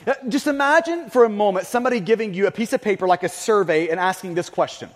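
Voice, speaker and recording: A man's voice: high-pitched, quick pace. A male pastor preaching a sermon earnestly, often stammering and repeating words. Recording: long reverb of a large hall.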